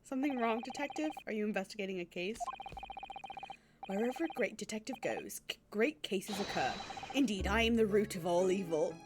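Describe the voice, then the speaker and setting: A woman's voice: medium pitch, lively intonation, brisk, close to an everyday voice. Pompous great detective, male, in a hammy put-on English accent, voiced by a woman reading a game aloud. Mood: grandiose. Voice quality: theatrical, grandiose. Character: pompous self-proclaimed great detective man. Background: game music.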